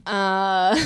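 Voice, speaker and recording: A woman's voice: medium pitch, clear, resonant tone. A woman narrating her part as a player in a tabletop game, hesitant and full of fillers.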